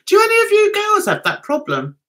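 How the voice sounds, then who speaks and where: A woman's voice: very high-pitched, wildly swooping pitch, a little fast, bright, forceful tone. A woman hosting a casual livestream chat, giggling and chatting as she reads out viewer comments and answers them. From England. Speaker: livestream host.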